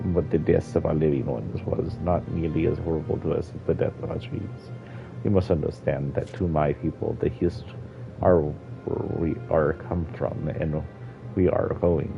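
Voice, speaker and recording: A man voicing a sad old Argonian woman elder in a put-on Jamaican-style accent, speaking slowly and quietly over dull lo-fi stream audio. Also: rumbling low, fairly even intonation, creaky, music in the background. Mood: solemn.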